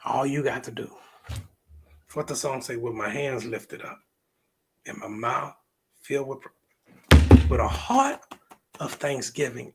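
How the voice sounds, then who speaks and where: A man's voice: fairly high pitch, lively intonation, husky. A man preaching a sermon as pastor, with speech, drawing out scripture quotes and talking back and forth with the congregation. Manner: preaching with call-and-response asides, quoting scripture in a drawn-out sing-song.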